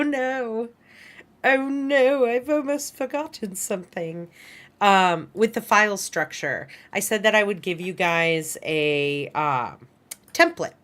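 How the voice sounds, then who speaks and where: Low-voiced chatty woman teacher. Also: fairly bright tone. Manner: chatty, informal, talks to students in chat. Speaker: animation instructor. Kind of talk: online class screen-share walkthrough.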